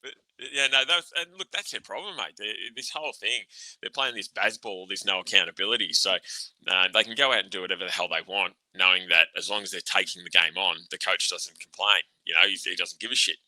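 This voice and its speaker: A man's voice: sits low, fairly quick, bright, forceful tone, no echo, poor audio. An Australian man and former player co-hosting a casual sports podcast, blunt and sweary, laughing often. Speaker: podcast co-host, ex-cricketer.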